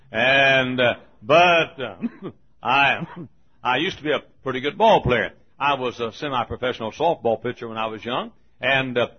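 A man's voice: medium pitch, slightly rough, lo-fi sound. An older man in his seventies, preaching a folksy sermon full of stories, often chuckling.

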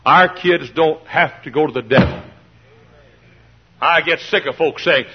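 Male pastor, fiery sermon, husky, slightly high voice, dull old recording. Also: lively intonation, unhurried. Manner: impassioned, swings from hushed to shouting. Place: church.

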